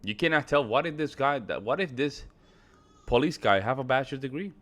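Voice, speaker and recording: A man co-hosting a reaction video, speaking in a relaxed, reflective way with casual slang. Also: mid-range voice, fairly quick.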